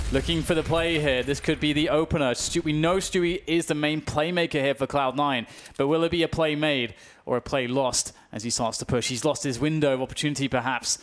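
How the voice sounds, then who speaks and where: Fast British esports caster. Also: male voice, mid-range voice, a little hiss or hum. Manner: fast, rising to excited shouts at big plays. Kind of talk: play-by-play commentary.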